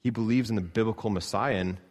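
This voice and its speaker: Low-voiced man preaching a sermon. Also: fast talker, a little mellow. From Canada. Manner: earnest preaching, rising to emphatic peaks and dropping low. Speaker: pastor.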